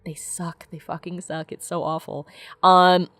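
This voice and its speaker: A woman's voice: lowish voice, flat delivery, a little slow, fairly bright tone, no echo. A woman giving casual let's play commentary, blunt and chatty, swearing freely.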